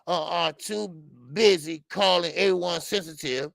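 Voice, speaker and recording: A man hosting a boxing live stream, reading viewer comments and ranting in an animated way, with many stammered fillers. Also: high voice, unhurried, creaky, no echo. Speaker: boxing channel host.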